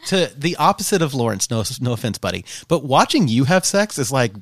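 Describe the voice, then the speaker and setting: A man on a casual podcast, teasing and joking with his friends. His voice leaps up and down a great deal as he talks. A steady noisy hiss sits under the recording. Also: medium pitch, fairly quick. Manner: teasing, laughs often, animated storytelling.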